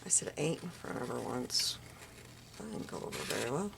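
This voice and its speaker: A woman's voice: a bass voice, animated, fairly quick, creaky, noisy background. A woman chatting casually while she makes paper crafts, muttering little asides to herself as she works. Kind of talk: casual crafting tutorial chat.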